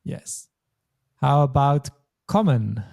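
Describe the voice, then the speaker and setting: A man's voice: mid-range voice, very animated, takes it slowly, creaky, a little mellow. A man teaching a language lesson, explaining patiently step by step. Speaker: German teacher.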